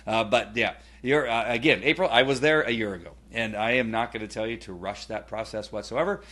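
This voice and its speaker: A middle-aged man giving a casual personal testimonial, rambling with many fillers and restarts and growing animated when he retells family scenes. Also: lowish voice, a little fast. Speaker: testimonial speaker.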